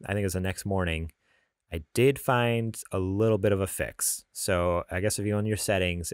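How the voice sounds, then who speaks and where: A young man co-hosting a gaming podcast, talking in an animated, rambling way with frequent laughs and restarts. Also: fairly low pitch, dry recording, clean studio sound. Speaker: podcast co-host. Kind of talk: casual chat.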